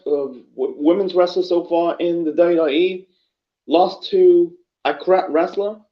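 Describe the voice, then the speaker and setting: A man talks through a casual review in a high, rambling voice, tripping over his words and dropping frequent swears. The recording is muffled and lo-fi. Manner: rambling, profane, frequent fillers and restarts. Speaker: wrestling reviewer. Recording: dull lo-fi recording.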